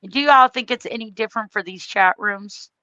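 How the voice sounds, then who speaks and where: Bluntly emphatic and profane, an American livestream host rants heatedly about politics. Her voice is a little high and a little fast, with a sharp yet smooth tone. The sound is lo-fi, with no echo.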